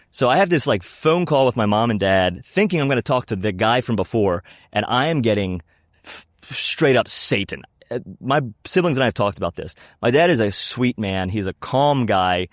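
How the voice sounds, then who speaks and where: A young man sharing a confessional personal story, emotional and casually profane, shifting between hushed and animated. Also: lowish voice, dry recording, studio quality. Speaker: podcast host telling a personal story.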